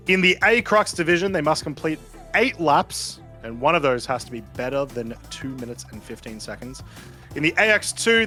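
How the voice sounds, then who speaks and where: A man co-commentating an online spaceship race, explaining the rules in a relaxed, easy way. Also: medium pitch. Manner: explanatory, relaxed, laughs easily. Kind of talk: live esports commentary.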